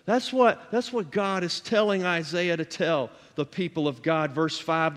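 A man's voice: a little high, a little slow, few pauses, a bit bright, big-room sound. A man in his forties preaching a sermon, building to emphatic calls and asking the congregation to answer. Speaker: pastor.

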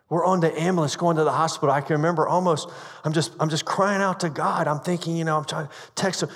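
A male pastor preaching with an earnest storyteller's manner, tripping over and repeating words as he goes. His voice sits a little high for a man, and it rings out with the long reverb of a large hall. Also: steady tone, fast, a bit bright. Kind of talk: sermon with personal story.

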